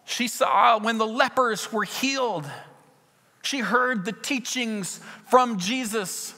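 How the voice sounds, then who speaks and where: A man preaching a sermon in a church, retelling scenes with lively acted dialogue. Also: very high-pitched, slow, long reverb tail. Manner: earnest storytelling, acting out scenes with shifts in loudness. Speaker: pastor.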